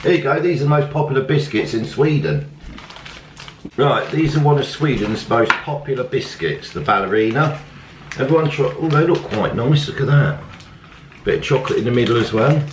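A man's voice: medium pitch, normal speed. A man, chatting upbeat to viewers as he reviews snacks in a casual family vlog. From England. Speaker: family vlogger. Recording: echoey room, faint background noise.

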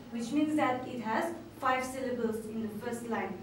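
A woman's voice: on the high side, heavy background noise. Woman teacher, echoey room from far off. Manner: slow, clear, syllable-stressing delivery. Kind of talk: online class lesson.

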